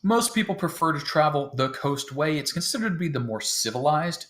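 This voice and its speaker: A man acting as game master, explaining the setup to his players in a relaxed way, with many fillers and chuckles. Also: fairly high pitch, a little fast. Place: home, talking over voice chat.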